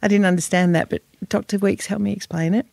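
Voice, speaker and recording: A woman in her forties talks openly in a podcast interview, her mid-pitched voice carrying some vocal fry. She is frank and emotional, swearing freely and stumbling over restarts. The studio sound is close and dry. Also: fairly even intonation, fast, darkish tone, dry recording. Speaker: guest.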